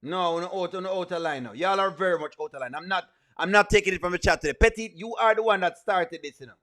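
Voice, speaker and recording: Speaking fast in a high, fairly bright voice, this Jamaican-accented streamer and show host runs a live reaction stream. He laughs a lot and playfully pleads with his viewers.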